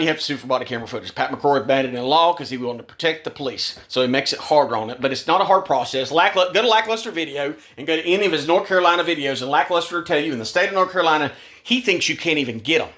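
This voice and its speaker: A man's voice: fairly high pitch, animated, very fast, bright, forceful tone. A man ranting to camera in a vlog. He talks heatedly, repeats words, restarts his sentences and swears. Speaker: vlogger. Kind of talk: agitated rant to camera.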